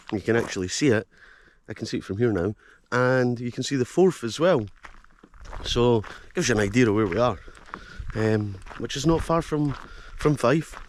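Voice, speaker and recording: A man's voice: medium pitch, slight background noise. Scottish man vlogging on a hill. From Scotland. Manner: rambling, chatty, self-mocking. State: out of breath. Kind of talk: casual walking vlog. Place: outdoors on a hillside trail. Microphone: handheld camera.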